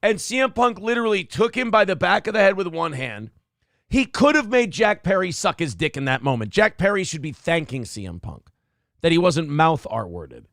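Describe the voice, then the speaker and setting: A man's voice: sits high, big pitch swings, normal speed, a bit bright, no echo, clean studio sound. A man hosting a morning show, giving crude, mocking commentary over video clips, getting worked up.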